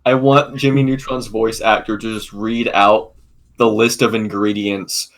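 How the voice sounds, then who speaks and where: A man's voice: lowish voice, flat delivery, measured pace, a bit bright. A young man co-hosting a podcast over an online voice call, chatting and explaining with lots of filler likes. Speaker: podcast co-host. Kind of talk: casual chat.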